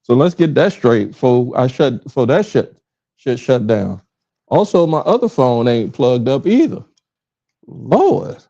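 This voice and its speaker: In a warm, mid-range, sing-song voice, a little slow, the middle-aged Richmond, Virginia man with a Southern accent chats casually on his solo podcast livestream. He rambles, interrupts himself, and fumbles with his streaming setup, all recorded by phone in slightly dull, lo-fi sound.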